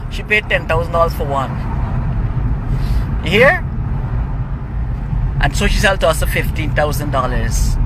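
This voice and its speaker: A community worker talks indignantly into the camera while riding through town. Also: male voice, fairly high pitch. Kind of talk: on-the-go vlog. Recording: loud traffic noise.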